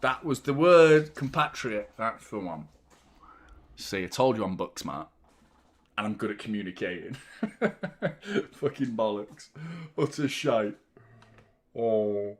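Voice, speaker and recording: A man hosting a live football watchalong, chatting casually with animated, sweary banter. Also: lowish voice, takes it slowly, long pauses. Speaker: host of a football fan watchalong.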